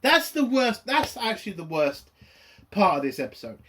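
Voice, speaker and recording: A man's voice: high-pitched, big pitch swings, moderate pace, bright, forceful tone. A man ranting in a profane, exasperated and rambling way while reviewing a TV episode.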